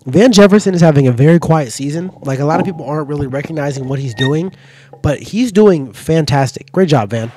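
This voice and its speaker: A man's voice: fairly high pitch, brisk, slight background noise. A man reacting live to a football game, cheering his players by name and swearing freely into a desk mic. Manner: profane, excitable cheering, talks to players.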